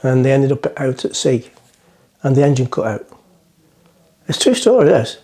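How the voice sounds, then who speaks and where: A man's voice: medium pitch, very animated, moderate pace, mellow. A middle-aged man, rambling through a joke as he talks to the camera from the front of a boat. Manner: rambling, self-mocking, chatty. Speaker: vlogger. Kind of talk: casual chat to camera, joke-telling.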